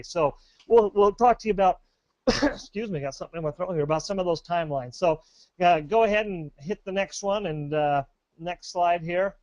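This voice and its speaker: A man's voice: high-pitched, darkish tone, dry recording, muffled recording. A man presenting a sales webinar, upbeat and rambling, with many fillers and restarts.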